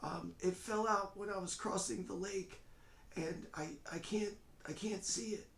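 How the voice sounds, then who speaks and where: A man's voice: high-pitched, steady tone, unhurried, vocal fry, a bit bright, echoey room, voice pushed up, full character voice. A man voicing a frail, hunched old man who falters and stammers as he speaks. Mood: frail, fretful.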